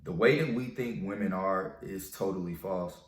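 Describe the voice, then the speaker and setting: A man's voice: low-pitched, normal speed. A man telling a breakup story and giving dating advice in a casual, slangy, profane way. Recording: roomy echo.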